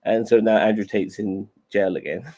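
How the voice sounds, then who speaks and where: A man's voice: lowish voice, steady tone, normal speed, a little mellow. A man co-hosting a casual podcast chat, hesitant and sweary, with many stammered restarts. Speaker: podcast co-host.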